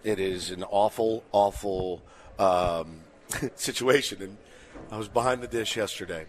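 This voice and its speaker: A man co-hosting a sports talk show, telling stories in an animated way and laughing easily. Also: lowish voice, a little slow, a little hiss or hum. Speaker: sports radio co-host.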